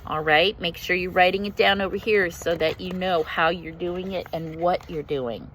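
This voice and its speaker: A woman hosting a faith journaling video, teaching a devotional Bible lesson in an earnest, gently encouraging way with emphatic repetition. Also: lowish voice, normal speed, slight background noise, low-quality recording.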